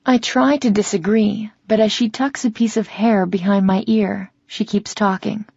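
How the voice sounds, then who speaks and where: A woman reading a first-person romance audiobook in a measured, reflective way, in a slightly dull, dry recording. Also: mid-range voice, steady tone, gravelly, darkish tone, husky, dry recording. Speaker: audiobook narrator.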